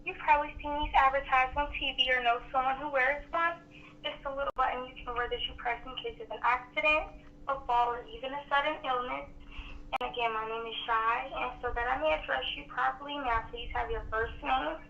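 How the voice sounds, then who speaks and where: A woman working as a phone sales agent, giving an effusive, flattering sales pitch. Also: a little fast, vocal fry, recorded from a distance. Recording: tinny phone line with faint noise.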